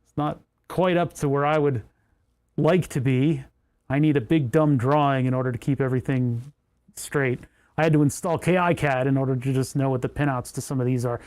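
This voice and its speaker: A man's voice: a little high, a little fast, a little mellow. A man hosting a casual livestream, rambling and self-mocking as he thinks aloud while tinkering with electronics. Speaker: livestream host.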